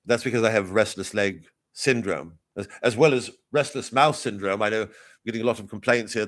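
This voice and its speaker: A man riffing as a pompous royal correspondent in a rambling, deadpan, improvised satirical live commentary. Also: lowish voice, brisk. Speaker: comedian in character as a royal correspondent.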